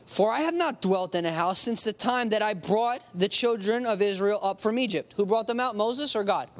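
A preacher reading scripture aloud and explaining it in a casual, conversational way, slowing down to stress key words. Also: medium pitch. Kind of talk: sermon with Bible reading.

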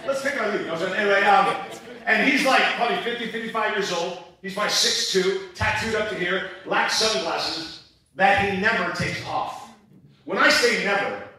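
A male pastor preaching a sermon, telling stories in an animated, humorous way, recorded in a church auditorium. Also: high voice, normal speed. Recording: echoey church hall from far off.

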